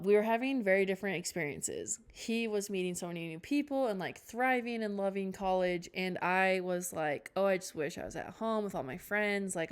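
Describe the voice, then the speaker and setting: A woman's voice: medium pitch, clear, resonant tone. A young woman hosting a podcast, telling a rambling storytime with tangents and self-mocking asides. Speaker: podcast host. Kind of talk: casual storytime chat.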